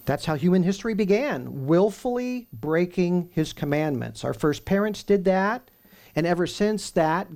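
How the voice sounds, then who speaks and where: Gravelly-voiced man preaching a sermon. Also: sits high, expressive, a little mellow. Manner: emphatic, with rhetorical questions and slow stressed lists.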